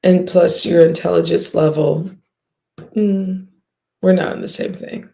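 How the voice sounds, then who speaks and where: A woman's voice: on the low side, steady tone, measured pace, creaky, warm tone. A woman hosting a livestream, ranting bluntly and profanely at her viewers with scoffs and sighs. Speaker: livestream host.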